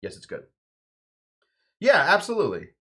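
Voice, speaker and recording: A man's voice: fairly high pitch, huge pitch swings, normal speed, bright, forceful tone. A man hosting a home cocktail show, chatting casually and joking around while he mixes a drink. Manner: playful, jokey, rambling asides.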